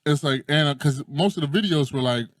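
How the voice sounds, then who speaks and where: A man's voice: fairly high pitch, fairly quick, no echo, clean studio sound. A man in casual chat, telling stories with lots of energy, acting out quotes and swearing freely. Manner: animated storyteller who acts out quotes and swears freely.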